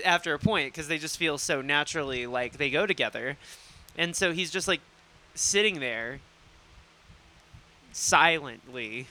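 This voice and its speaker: A man's voice: on the high side, bright, forceful tone. A man co-hosting a film podcast, talking in a rambling, casual way and swearing freely. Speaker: podcast co-host. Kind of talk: casual chat.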